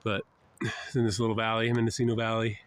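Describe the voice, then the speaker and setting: An older man with a head cold and a nasal voice, rambling in a casual walking vlog outdoors, often sighing and clearing his throat. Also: fairly low pitch, completely flat delivery, fast talker. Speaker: traveling vlogger. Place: outdoors, walking along roads and a river valley.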